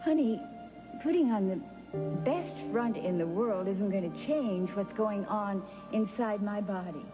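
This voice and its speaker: A middle-aged actress playing a loving, frightened mother in a daytime soap opera, speaking in a tender, halting way. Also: medium pitch, animated, over music, natural voice. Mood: fearful.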